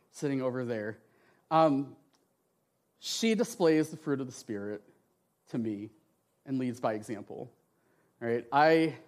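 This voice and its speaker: Passionate middle-aged man giving testimony. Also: fairly high pitch. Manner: passionate and expressive, often asks "right?". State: tearful at times. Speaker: church speaker giving a testimony. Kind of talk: emotional testimony talk with slides.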